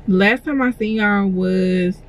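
A young woman, a vlogger and clothing designer, chats casually while sitting in a parked car, talkative, gushing and emotional, with lots of filler words. Her mid-range voice moves slowly, and the low-quality recording has a little hiss or hum.

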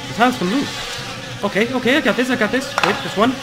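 A man's voice: very high voice, a little fast, heavy background noise. A young man playing a horror game, nervous and jumpy, talking to himself as he searches and reads notes aloud. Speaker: gaming YouTuber. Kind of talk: horror game let's play. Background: game music.

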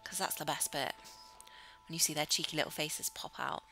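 Woman doing lets play commentary, bright voice, giggles a lot, keeps trailing off into whispers. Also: low-pitched, fairly even intonation, a little fast, rough recording. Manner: chatty, giggly, thinks aloud; drops into murmurs and whispers. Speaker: let's play host. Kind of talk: casual gameplay commentary.

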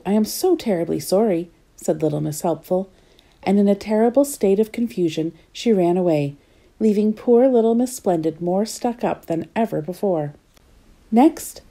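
A woman's voice: medium pitch, mellow. A woman reading a children's storybook aloud in a playful way, asking the listener questions.

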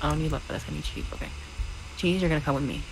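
Low-voiced woman swearing through frantic gameplay. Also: racing, soft background music, rough recording. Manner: swears constantly, frantic and joking. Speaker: gaming YouTuber. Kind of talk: casual gameplay chat.

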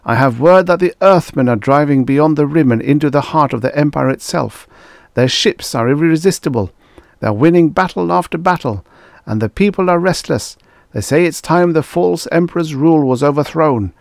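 A man voicing an excitable, panicky middle-aged prime minister of a space empire in an audiobook, blurting out his words in alarm. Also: moderate pace, gravelly, dry recording, clean studio sound. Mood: panicked. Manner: shrill, frantic, blurting.

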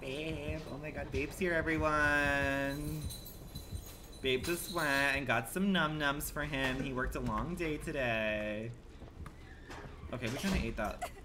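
A man livestreaming a game in campy, slangy commentary that swings between loud outbursts and low mutters. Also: fairly even intonation, takes it slowly, noisy background. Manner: campy and dramatic, full of slang. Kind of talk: live gameplay commentary. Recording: loud game music under the voice.

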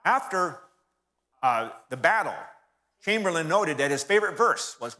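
A man speaks from the pulpit, telling history as a lively story and calling his listeners folks. His voice is bright and sits a little high. A long reverb from the church hall trails each phrase. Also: a little slow, long pauses. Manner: storytelling, addresses audience as folks.

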